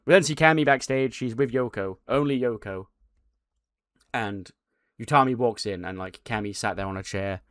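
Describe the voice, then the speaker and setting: A man narrating a game playthrough in a casual, loose way, swearing now and then. His voice sits in a middle pitch, recorded close and dry. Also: normal speed, fairly bright tone, no room sound. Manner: casual and swearing, recapping events. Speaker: game channel host.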